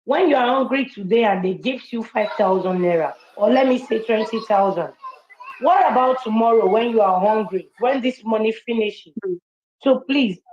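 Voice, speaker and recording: A woman's voice: a little high, normal speed, a little mellow, slight background noise. Woman asking a question, polite and hesitant, roomy dull audio. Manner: polite, hesitant, repeats herself. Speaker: caller. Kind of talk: question from the audience in an online audio chat room.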